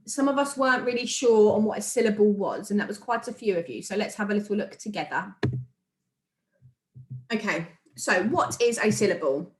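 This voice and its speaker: A woman with a British accent, a primary school teacher recording a remote lesson, speaking encouragingly and sounding out words for young children. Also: mid-range voice. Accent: British English. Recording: echoey room.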